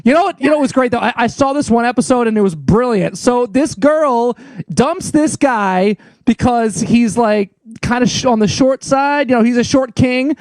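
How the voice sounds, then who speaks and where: A man hosting a casual chat show, loud and excitable, joking and swearing freely. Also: very high voice, fairly quick, dry recording. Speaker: podcast host.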